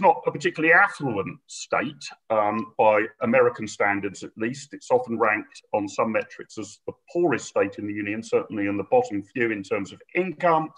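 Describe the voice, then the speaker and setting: A man's voice: mid-range voice, fairly bright tone, poor audio. A man from Britain hosting and chairing an interview, upbeat and chatty with frequent fillers. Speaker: host, chair of the discussion.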